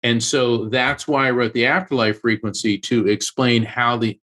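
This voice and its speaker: A man's voice: mid-range voice, steady tone, normal speed, pushed and bright. A man working as a medium and author, a guest telling a personal story in an interview with earnest emotion. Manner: earnest, emotional storyteller who acts out quoted voices.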